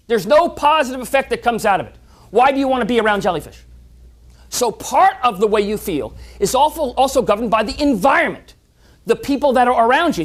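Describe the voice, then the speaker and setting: A medium-pitched speaker tells stories during an animated motivational talk at a club meeting, frequently repeating words on restarts.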